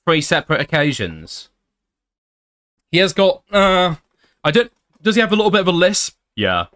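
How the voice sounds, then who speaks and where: A man's voice: high-pitched, big pitch swings, fairly quick, a bit bright. A man doing commentary as a YouTuber, reading screenshots aloud with blunt, sarcastic asides.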